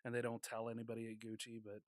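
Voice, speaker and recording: A man's voice: medium pitch, monotone, quick pace, no room sound. A man co-hosting a casual podcast chat, joking and laughing often. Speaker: podcast co-host.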